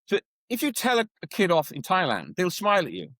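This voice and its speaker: The recording is rough with no room sound, and the man's voice sits high and moves fairly quickly. He is a Welsh educator on a podcast, a lively storyteller in a conversational interview who acts out the voices of the people he cites.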